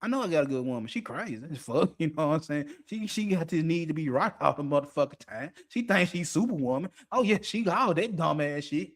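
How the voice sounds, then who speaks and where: A man's voice: fairly high pitch, animated, brisk, few pauses. A man hosting an unscripted monologue, blunt and profane, laughing often as he talks. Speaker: podcast host.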